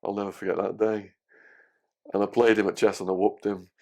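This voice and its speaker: A man's voice: on the low side, a little fast. Man telling stories on a podcast. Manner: animated, swears freely, acts out quotes. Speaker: guest storyteller. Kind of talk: casual podcast storytelling.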